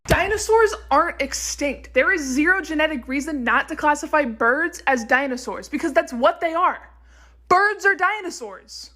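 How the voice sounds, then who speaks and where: A woman's voice: sits high, expressive, normal speed, bright, forceful tone. A young woman delivering a blunt, swear-heavy comic list of facts in a mock-authoritative tone. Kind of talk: deadpan fact-listing comedy rant.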